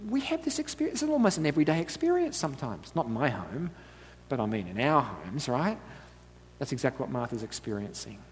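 A man's voice: medium pitch, huge pitch swings, a little fast, slightly rough. Chatty man preaching in a reverberant hall. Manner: chatty, asks the audience "right?", laughs often. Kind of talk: conversational sermon.

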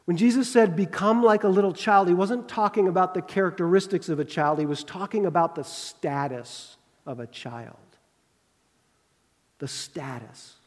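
A middle-aged man preaching a sermon as pastor, conversational and humorous, with lively asides. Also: high voice, moderate pace, few pauses. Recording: long reverb of a large hall.

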